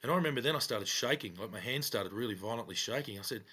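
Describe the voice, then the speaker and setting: Fast-talking Australian man, husky. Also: medium pitch. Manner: animated, acts out quotes with raised voice. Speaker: podcast co-host, former police officer. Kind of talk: casual storytelling chat.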